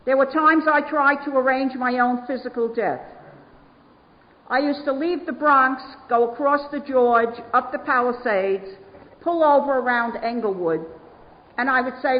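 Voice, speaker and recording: At a meeting, an AA speaker from New York recounts her recovery at a measured pace, her voice fairly high. She stresses points by repeating words heavily, captured on a dull, lo-fi recording with a long hall echo.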